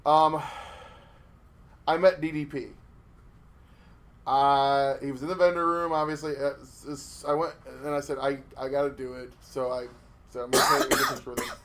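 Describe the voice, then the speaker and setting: A man co-hosting a casual podcast, telling stories in an animated way with lots of swearing and restarts. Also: medium pitch, moderate pace, long pauses. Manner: animated storytelling with profanity and restarts. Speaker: podcast co-host.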